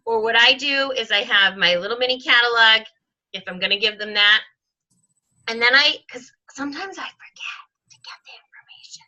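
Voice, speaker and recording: A woman with a very bright, sharp voice gives a casual training talk to her sales team. She is chatty, says um a lot and acts out the sample conversations. The recording sounds a little dull and lo-fi. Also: on the high side.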